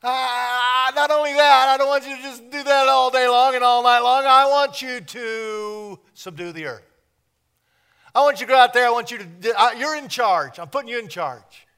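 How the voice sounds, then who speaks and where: A man voicing God as a cheerful, generous figure, speaking in an excited, high, shouting way. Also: moderate pace, clear, resonant tone, exaggerated voice.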